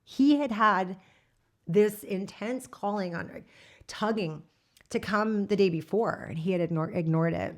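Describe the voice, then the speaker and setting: A woman's voice: medium pitch, a little slow. A woman in her thirties giving a personal testimony in an interview, telling her story candidly and quoting the people in it. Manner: candid storyteller who quotes herself and laughs often.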